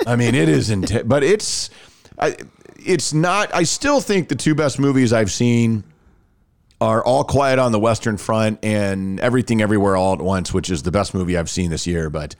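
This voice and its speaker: This man hosts a podcast, talking in a casual, rambling way with plenty of restarts. His voice sits fairly low and moves at a moderate pace, captured in clean studio sound without any room sound.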